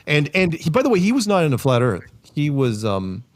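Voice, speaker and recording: A man's voice: on the high side, brisk, no room sound. Dry-voiced man telling rambling stories. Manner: rambling, self-correcting, with frequent fillers; wry, deadpan humor. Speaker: podcast guest. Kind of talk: casual storytelling.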